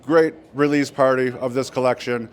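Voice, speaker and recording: A man's voice: medium pitch, fairly even intonation, normal speed. A man hosting an online mineral show, chatting upbeat with a guest at a busy event. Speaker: show host. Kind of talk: on-location interviewing.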